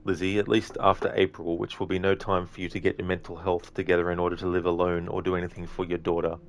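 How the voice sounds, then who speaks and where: A man with a deep, low-pitched voice talks through a live gameplay stream. He chats easily with viewers, reads their messages and thanks them, often pausing on an um or correcting himself partway through a sentence. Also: level tone. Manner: frequent ums and self-corrections. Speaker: livestreamer. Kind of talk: casual live game-stream commentary.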